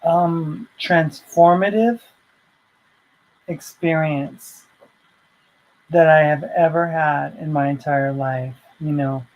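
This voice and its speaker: A woman's voice: low voice, steady tone, slow pace, pauses often, dull audio. A woman vlogger telling a personal story in a heartfelt, rambling way, full of fillers and restarts.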